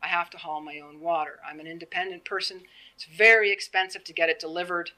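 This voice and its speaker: A Canadian woman in her fifties gives a public presentation, earnest and plain-spoken, acting out the conversations she retells. Her lowish voice is bright and forceful, fairly even in intonation, and she talks fast on a rough recording.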